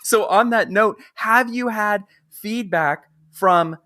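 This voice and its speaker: A man in his fifties interviewing a guest in a casual chat, telling a long personal story in a rambling, animated way with many restarts. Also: high-pitched, slow pace, no echo, clean studio sound. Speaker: podcast interviewer.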